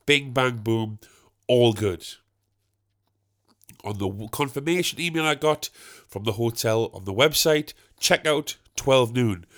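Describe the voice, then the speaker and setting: A young man spins a comic anecdote for his podcast in an animated, self-assured style. His voice sits at a middle pitch, and he builds toward exasperated, punchy outbursts. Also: unhurried. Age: young adult. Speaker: podcast host. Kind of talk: comic storytelling.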